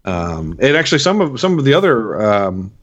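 A man's voice: medium pitch, big pitch swings, normal speed, a bit bright. A man co-hosting a podcast, rambling enthusiastically about his collectibles in casual chat. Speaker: podcast co-host.

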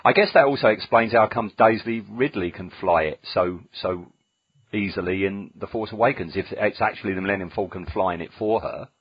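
A man's voice: lowish voice, a little fast, husky, no room sound, highs cut off. A man hosting a casual podcast chat, musing aloud with dry jokes and many fillers. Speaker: podcast host.

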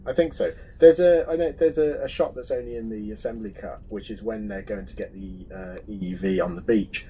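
A man's voice: fairly low pitch, a little fast, mellow, a little hiss or hum, low-quality recording. A man co-hosting a casual film podcast, chatty and hesitant, often restarting his sentences. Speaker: podcast co-host.

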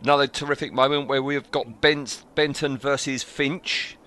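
A middle-aged man walking through a plot as a podcast co-host, his voice bright and forward. He keeps to a steady recap and slips in dry jokes along the way. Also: mid-range voice, normal speed. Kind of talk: casual fan discussion, recapping plot.

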